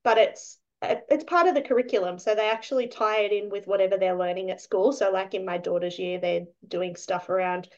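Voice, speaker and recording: A woman's voice: mid-range voice, steady tone, a little fast, few pauses. Aussie woman co-hosting, rambly easygoing chat, kinda dull lo-fi sound. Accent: Australian. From Australia. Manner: chatty, rambling, trails off. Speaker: podcast co-host. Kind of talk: casual podcast chat.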